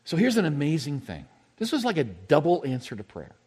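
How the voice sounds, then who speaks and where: A male pastor giving a sermon, telling a personal story, moving between loud emphasis and hushed, intimate moments. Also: fairly high pitch, wildly swooping pitch, brisk, husky.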